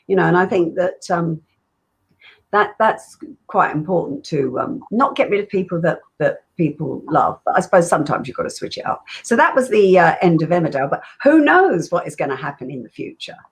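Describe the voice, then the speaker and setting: Older English actress, guest chat, husky, chatty and rambling. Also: female voice, lowish voice, big pitch swings, fairly quick. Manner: chatty, rambling with many fillers and laughs. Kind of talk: casual interview chat.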